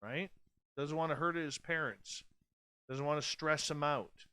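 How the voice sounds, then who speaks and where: A man's voice: a little high, unhurried, sharp tone, clear, resonant tone, dry recording. A man in his forties hosting a radio show, speaking bluntly and candidly in a casual late-night monologue. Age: 40s. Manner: blunt, candid and profane, with many restarts.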